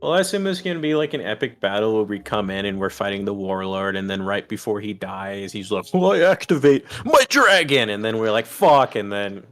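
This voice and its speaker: A young man playing a tabletop game, rambling excitably and swearing in casual chat. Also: fairly low pitch, fairly quick, few pauses. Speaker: player.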